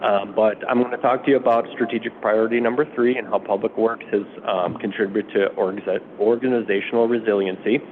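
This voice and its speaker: Hoarse man briefing a city council. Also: steady tone, a little fast, few pauses. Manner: informal, many fillers. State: raspy from allergies. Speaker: public works official presenting to city council. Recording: phone-like, muffled sound with faint rumble.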